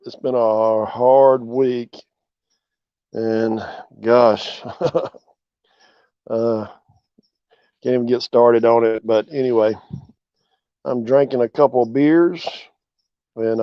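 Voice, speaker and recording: A man's voice: medium pitch, smooth, no echo. A laid-back man with a drawl chats casually on a livestream from his porch. He greets viewers by name as they arrive. The sound is dry and close, with a dull, lo-fi quality. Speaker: channel host. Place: outdoors on a porch.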